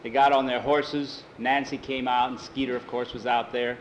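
Man telling a homespun western tale, mid-pitched, relaxed and folksy. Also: moderate pace, slight background noise, poor audio. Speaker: storyteller. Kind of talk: oral storytelling.

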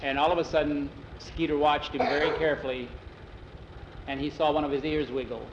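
A man narrating a homespun story in an easygoing, unhurried manner. His voice sits a little high for a man. The recording sounds roomy and dull, like an old lo-fi tape. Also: steady tone, background noise. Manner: unhurried, homespun, acts out the characters. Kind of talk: oral storytelling.

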